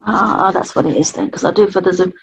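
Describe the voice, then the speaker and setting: A woman, working as a spirit artist, talking gently and chattily through a live drawing reading and laughing often. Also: mid-range voice, fairly even intonation, fast talker, gravelly, slightly rough, dry recording, low-quality recording. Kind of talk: live psychic drawing session.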